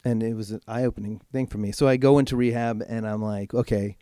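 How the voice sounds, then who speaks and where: A man speaking as a podcast guest, telling a personal story in a frank, casual way and swearing freely, slowing right down when he wants to stress a point. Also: mid-range voice, steady tone, warm tone, smooth, no echo, studio quality. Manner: slows right down for emphasis. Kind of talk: candid personal storytelling in conversation.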